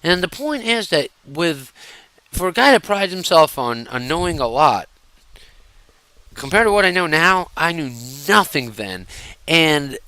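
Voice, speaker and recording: A man telling personal stories casually to camera, animated and digressive, often turning to address his viewers directly. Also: fairly high pitch, unhurried, low-quality recording. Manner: fidgety while talking. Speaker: storyteller.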